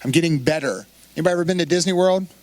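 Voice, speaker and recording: Male pastor, high-pitched, dry close sound, lively conversational sermon delivery. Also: racing, dry recording. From Florida. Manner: animated, conversational preaching with quoted asides.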